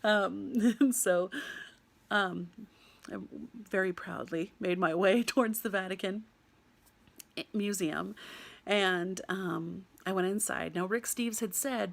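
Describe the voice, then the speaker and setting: A young American woman telling a personal travel story in an animated way, laughing often and mimicking the people she met. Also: mid-range voice, slow pace, gravelly. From United States.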